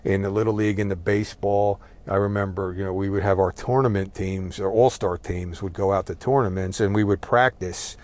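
Man, middle-aged, from New Jersey, low-pitched, rambling, profane, casual monologue. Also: fairly even intonation, fairly quick, few pauses, a little mellow. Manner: rambling, profane, with frequent "right?" and "uh". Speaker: storyteller.

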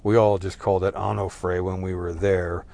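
In a low, gravelly, dark voice with a level tone, a middle-aged man from New Jersey rambles through a lengthy casual monologue at normal speed. He curses liberally and keeps dropping "uh" and asking "right?"

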